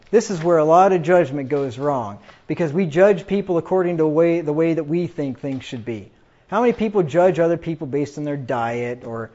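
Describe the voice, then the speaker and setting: A man preaching a sermon, quoting scripture emphatically and getting louder on the quotes. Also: fairly high pitch. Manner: emphatic, rises loud when quoting scripture. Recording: dull lo-fi recording.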